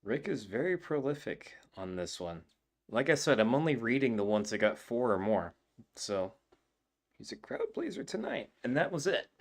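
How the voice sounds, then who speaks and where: A man hosting a comedy show, reading audience jokes aloud with dry, deadpan asides. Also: medium pitch, normal speed. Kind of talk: casual chat.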